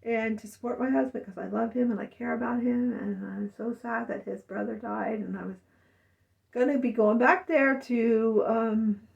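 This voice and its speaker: Rambling woman with a gravelly voice. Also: fairly high pitch, steady tone, normal speed, far from the mic, dull audio. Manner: rambling, emotional, mimics family voices. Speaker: vlogger. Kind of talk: personal monologue.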